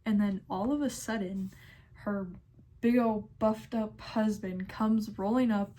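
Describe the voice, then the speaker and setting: A sassy, exasperated young woman telling workplace stories in a vlog. She speaks at an unhurried pace, her delivery dry and amused. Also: medium pitch, steady tone, dark tone. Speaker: pharmacy technician. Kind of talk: storytime vlog narration.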